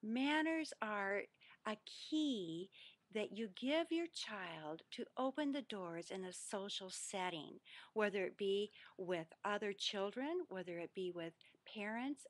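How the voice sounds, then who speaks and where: A middle-aged woman speaks straight to the camera as host of her own advice show. She talks about raising children in an earnest, instructive way and leans hard on the points she wants to land. Her voice sits at an ordinary middle pitch for a woman. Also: no room sound. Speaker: parenting coach. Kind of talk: direct-to-camera advice talk.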